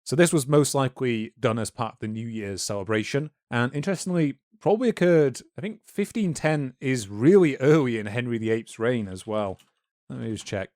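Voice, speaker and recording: Male podcast co-host, mid-pitched, informal history explainer, dry studio sound. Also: lively intonation, moderate pace, a little mellow, dry recording. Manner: informal, lecturing with fillers and asides.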